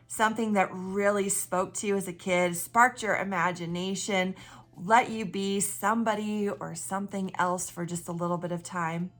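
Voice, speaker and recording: With a bright, clear, mid-range voice at normal speed, a woman pastor gives a warm sermon that feels like conversation. She addresses her listeners with direct questions and animatedly retells a story.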